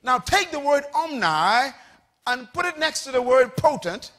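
A man preaching a sermon. He leads the congregation in call-and-response, spells out words for them and builds up to shouts. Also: very high-pitched, big pitch swings, unhurried.

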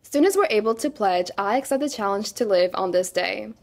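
A woman's voice: medium pitch, expressive, fairly quick, gravelly. A woman co-anchoring a student news show, reading the script and handing off to other reporters. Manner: announces segments and hands off to others.

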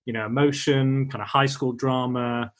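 A man's voice: medium pitch, steady tone. A man hosting a podcast in casual film chat, rambling and acting out lines from the movie. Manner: rambling, acts out film lines in quick voices. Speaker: podcast host.

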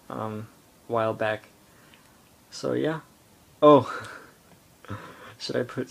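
Teenage boy vlogger, easygoing slow delivery, rambling with lots of fillers, recorded on an iPod at home. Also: medium pitch. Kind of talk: casual rambling vlog. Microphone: iPod camera.

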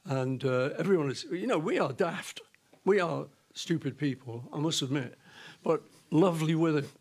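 Animated man telling a story. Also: a little high, moderate pace, slightly rough. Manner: animated storyteller, laughing, putting on voices. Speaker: interview guest. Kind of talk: casual anecdote telling.

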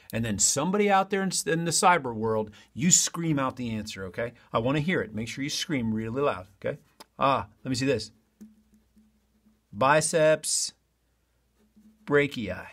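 A male teacher records an online lesson at a table and talks straight to his students in a chatty, loose way. His voice sits at a middle pitch for a man. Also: very animated, moderate pace, fairly bright tone.

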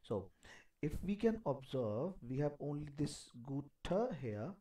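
A man teaching a live online beginner German class, slowly repeating each phrase with care and clearing his throat now and then. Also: fairly high pitch, big pitch swings, dark tone, distant mic.

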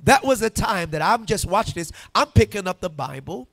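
A male pastor preaching with emphatic call-and-response, pushing some lines up to shouts. His voice sits high and swings widely in pitch. The sound is dry and close. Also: lively intonation, moderate pace, no room sound. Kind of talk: sermon. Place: church sanctuary.

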